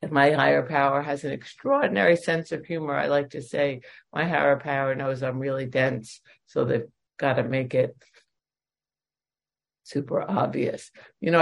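Emotional woman with a gravelly voice. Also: low voice. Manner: candid and emotional, self-deprecating humor. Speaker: speaker sharing at a recovery meeting. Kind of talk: personal testimony. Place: at home.

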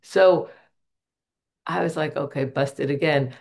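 Gravelly-voiced middle-aged woman sharing candidly. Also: sits low, takes it slowly, a little mellow. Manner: candid, earnest, self-deprecating storytelling. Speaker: member sharing at a recovery meeting. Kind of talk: personal testimony.

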